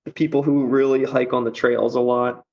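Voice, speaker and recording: A man's voice: medium pitch, little pitch movement, moderate pace, creaky, a little mellow, highs cut off. A man chatting as a podcast guest, rambling with lots of fillers and easy laughs. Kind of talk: casual podcast chat.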